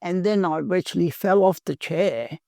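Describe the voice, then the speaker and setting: An older woman from Perth with an Australian accent, telling her recovery story in a halting, earnest way, full of pauses. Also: fairly low pitch, vocal fry, dark tone, no room sound, studio quality. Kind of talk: personal recovery testimony.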